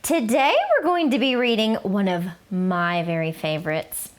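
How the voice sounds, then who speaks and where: A woman's voice: medium pitch, a little slow, few pauses. A woman teacher reading a children's picture book aloud, greeting young listeners and telling the story with animation.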